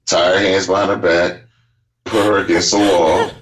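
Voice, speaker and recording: A man's voice: sits low, little pitch movement, moderate pace, recorded from a distance. A man talking as a podcast guest, blunt and laid-back in a frank casual chat. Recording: roomy echo.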